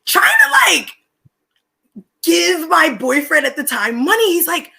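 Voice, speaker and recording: A woman's voice: high voice, measured pace, creaky, pauses often, a little hiss or hum. A young woman, a podcast guest telling stories in casual, slangy chat and laughing between lines. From Philadelphia, USA. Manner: animated, slangy, laughs mid-story.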